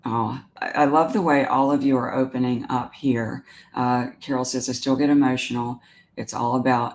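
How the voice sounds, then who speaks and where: A woman hosting a live stream as an animal communicator. She talks gently and emotionally about pet loss and answers viewer comments, often pausing and restarting her sentences. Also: extremely low pitch. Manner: warm, emotional, halting with many restarts.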